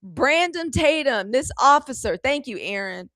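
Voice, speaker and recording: A woman's voice: high-pitched, animated, measured pace, a bit bright, no echo, clean studio sound. A middle-aged woman from Southern Mississippi hosting a live news show, talking candidly and profanely straight to her audience. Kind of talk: casual live commentary.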